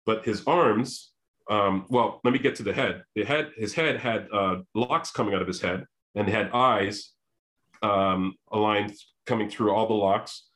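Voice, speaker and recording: A man telling a long personal story, animated, often restarting his sentences and acting out what people said. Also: fairly low pitch, a little slow. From Canada. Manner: animated, repeats and restarts, acts out quoted voices. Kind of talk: storytelling monologue.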